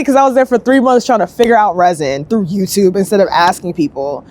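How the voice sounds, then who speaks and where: A young woman sculptor telling her story in a casual, upbeat interview, chatty and lively, acting out other people's lines as she goes. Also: medium pitch, slight background noise. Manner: chatty, upbeat, quick bursts, acts out quoted voices.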